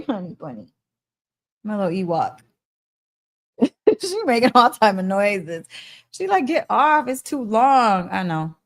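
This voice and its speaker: A woman hosting a podcast, giving a casual, heartfelt spiritual pep talk, laughing often and speaking emphatically. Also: mid-range voice. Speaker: podcast host.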